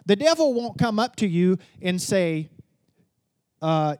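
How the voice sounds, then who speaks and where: Male pastor, high voice, dry close sound, casual storyteller with loud emphatic peaks. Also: very animated, unhurried, no echo. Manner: storytelling preacher, swings from hushed asides to loud emphatic declarations. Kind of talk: sermon.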